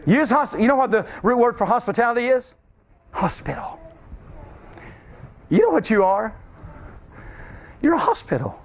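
Fervent high-voiced preacher. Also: male voice, sing-song, moderate pace, long pauses. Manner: fervent, calls out to the congregation, repeats phrases. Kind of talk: revival sermon. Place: church sanctuary.

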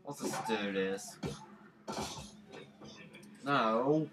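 A gameplay commentator who talks through a let's play in a rambling way, repeating words and breaking into excited shouts at the game. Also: medium pitch, very slow, heavy background noise. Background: game music.

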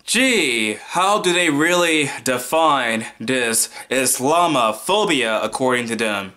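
A young American man giving loud, mocking political commentary, laughing now and then as he talks. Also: medium pitch, animated, slow, hardly any pauses. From United States. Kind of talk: casual opinion commentary.

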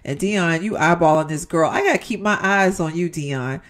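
A woman's voice: lowish voice, moderate pace. A young woman giving casual, chatty commentary as she plays a life-simulation game, talking straight to her viewers and exclaiming at what happens. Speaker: gaming YouTuber. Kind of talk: casual let's-play commentary.

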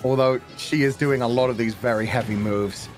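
A man's voice: mid-range voice, fairly even intonation, a little fast, faint music behind. A man giving casual, jokey color commentary and analysis on a video game match.

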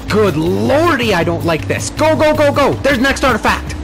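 Young male gaming host, excitable, sweary, lively pitch, music under. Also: normal speed, vocal fry, few pauses. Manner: excitable, swears, frantic exclamations. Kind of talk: let's play commentary.

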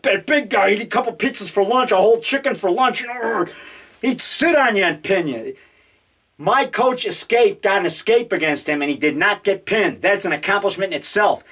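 A man in his fifties rambling excitedly through a home video in his basement, now and then growling mock monster roars. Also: sits high, moderate pace, slightly rough. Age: 50s. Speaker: independent horror filmmaker. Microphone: handheld digital camera.

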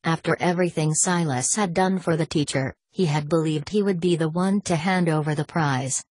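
A woman narrating a thriller audiobook in a steady, even reading voice. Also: low-pitched, moderate pace, hardly any pauses, breathy edge, dry recording.

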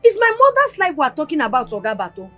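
A woman's voice: high voice, huge pitch swings, quick pace, a bit bright, soft background music, full character voice. An actress with a Nigerian accent playing a desperate young shop worker begging her boss. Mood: pleading. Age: young adult. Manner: pleading, begging.

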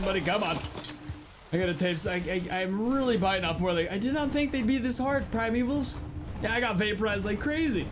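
Young guy streaming a game, high voice, cusses a lot, gets loud when things go wrong, game noise hissing in the background. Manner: excitable, swears often, yells during fights. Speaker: gameplay streamer. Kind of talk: casual gameplay commentary.

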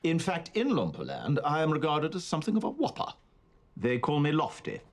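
An actor playing a prim, proud Oompa Loompa who is small in size, speaking indignantly, from a film trailer. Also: male voice, fairly high pitch, wildly swooping pitch, a little fast, background noise. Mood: haughty.

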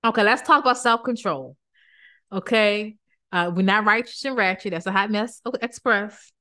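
A woman's voice: mid-range voice, moderate pace. A woman giving an informal Bible teaching in an emphatic, colloquial way, repeating her points and slipping into playful voices. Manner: lively, jumps into playful voices for quotes. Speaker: Christian speaker and counselor.

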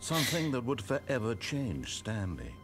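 A dry, sardonic game narrator. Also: male voice, medium pitch, wildly swooping pitch, normal speed. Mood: wry. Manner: dry, mock-solemn, sardonic. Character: dry wry omniscient male narrator. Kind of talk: scripted narration. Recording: game audio with music behind. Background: game music.

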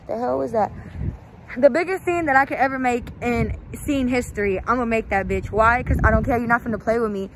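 Young woman, high voice, loud profane rant, outdoor apartment complex, handheld phone, faint noise behind. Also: brisk. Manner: profane, loud and ranting, calling out and yelling. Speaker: vlogger. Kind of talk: confrontational vlog rant.

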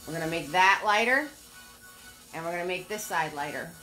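A woman's voice: on the low side, expressive, brisk, sharp tone, faint music behind. An older woman giving a live painting lesson, upbeat, chatty and encouraging. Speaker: painting instructor.

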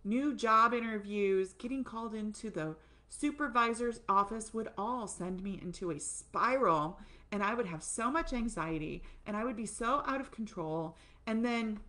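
A woman teaching an online course to camera, excited and talking fast, with animated asides as she demonstrates breathing. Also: on the high side. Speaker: course instructor.

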